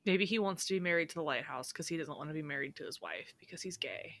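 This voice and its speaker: A woman chatting casually about a film, making quick asides and laughing often. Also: sits low, animated, fairly bright tone, dry recording.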